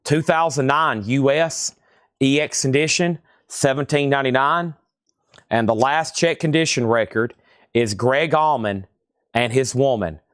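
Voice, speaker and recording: A man's voice: medium pitch, clear, resonant tone, dry recording, studio quality. Casual male host reading out record prices. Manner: casual, runs through grades and prices. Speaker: host of a live record sale. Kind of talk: live online sales stream.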